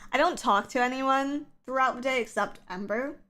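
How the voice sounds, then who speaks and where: A woman chatting on a livestream, her voice scratchy and a little rough from the early hour. She rambles casually, stringing thoughts together with plenty of fillers. Her voice sits somewhat high for a woman. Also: normal speed, sharp tone. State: scratchy morning voice. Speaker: streamer.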